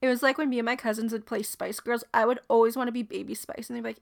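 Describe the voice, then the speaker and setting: A young woman chatting on a podcast, rambling from one story to the next and laughing as she goes. Her voice sits a touch high and carries a gravelly, fry-laden texture. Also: a little fast, pauses often. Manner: giggly, rambling and animated. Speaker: podcast co-host. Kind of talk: casual chat.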